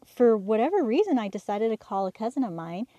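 Candid woman with a mellow voice. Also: a little high, sing-song, dry recording. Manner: candid, halting, with many fillers and restarts; acts out quoted dialogue. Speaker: podcast host. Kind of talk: personal storytelling.

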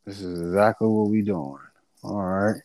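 A man's voice: fairly low pitch, steady tone, normal speed, a little mellow, no room sound. A man co-hosting a casual sports talk show, playful and teasing, trailing off while he looks things up. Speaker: podcast co-host.

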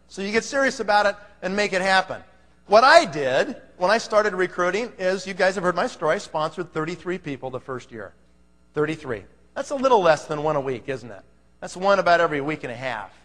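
Guy giving a fired-up pep talk to a crowd, high bright voice, long hall echo. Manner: pumped up, emphatic, lots of rhetorical questions. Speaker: motivational speaker. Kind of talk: motivational talk to a live audience.

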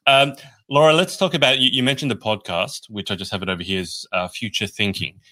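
A man's voice: fairly low pitch, fairly quick, sharp tone. A man hosting a podcast interview, asking curious, friendly questions in a casual way. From Australia. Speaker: podcast host.

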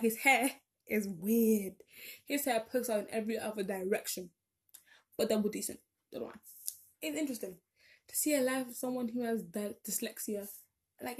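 A woman's voice: medium pitch, a little mellow. A young woman, chatting casually and rambling as she corrects herself along the way. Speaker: vlogger. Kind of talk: casual chat.

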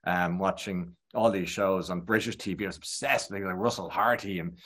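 An Irish man with a lowish voice, talking as a guest in a relaxed chat. He tells anecdotes with plenty of energy and drops into quick impressions of people he describes. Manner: animated anecdotal storytelling, slips into impressions. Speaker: guest, TV presenter. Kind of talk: casual chat.

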